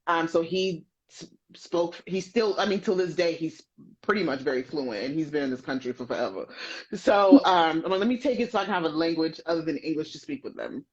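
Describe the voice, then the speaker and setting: A woman's voice: deep voice, brisk, husky. A woman hosting a casual podcast chat, telling stories with lots of laughter. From United States. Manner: animated storyteller, laughs often. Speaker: podcast host. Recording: dull lo-fi audio.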